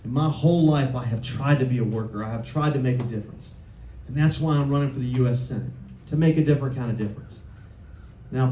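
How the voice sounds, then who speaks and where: A man's voice: medium pitch, mellow. A man running for office, giving a punchy campaign speech to a crowd in a meeting room, repeating lines and asking the audience questions. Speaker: political candidate. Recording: echoey room with faint noise.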